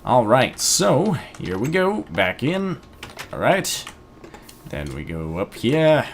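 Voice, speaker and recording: A young man casually commenting on his gameplay, chatty and rambling, with sudden excited outbursts. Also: medium pitch, takes it slowly, slight background noise. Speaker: gaming video host.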